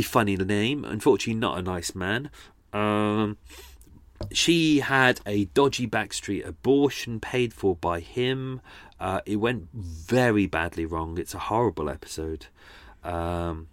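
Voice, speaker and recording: A man's voice: fairly low pitch, dry recording. Chatty self-deprecating man. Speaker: podcast host. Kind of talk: casual behind-the-scenes talk about audio editing.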